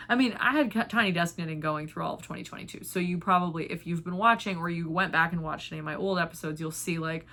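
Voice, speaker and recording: A woman's voice: fairly low pitch, fast talker, few pauses, bright, forceful tone. A woman hosting a knitting vlog, chatting casually and rambling with lots of filler words. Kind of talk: casual chat.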